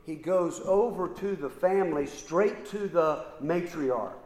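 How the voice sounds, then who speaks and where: A middle-aged man preaching a sermon, telling a story slowly with many repeated "and"s and pauses. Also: fairly high pitch, darkish tone. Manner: slow, halting storyteller with repeated ands and pauses. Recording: roomy hall with long reverb.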